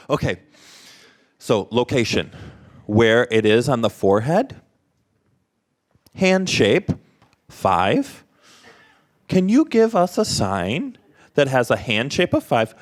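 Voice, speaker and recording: A man's voice: mid-range voice, sing-song, takes it slowly, pauses often. A man voicing a presenter at an interactive workshop, quizzing the audience with short prompts and questions.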